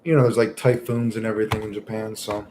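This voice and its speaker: Streaming live, a young man rambles through stories in casual chat, swearing often and using many fillers. He talks fast in a lowish, flat voice, with background noise audible.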